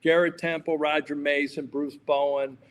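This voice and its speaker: Rambling storyteller man, slightly high voice. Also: normal speed, in a large hall. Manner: rambling, animated anecdotes full of fillers. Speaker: guest sports journalist. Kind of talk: casual podcast storytelling.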